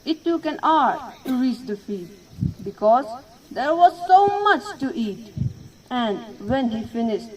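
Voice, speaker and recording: A woman reciting a narrative poem in a measured, emphatic storytelling manner. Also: high voice, lively intonation, a little mellow. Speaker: elocution contestant. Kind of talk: poetry recitation. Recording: voice distant from the mic.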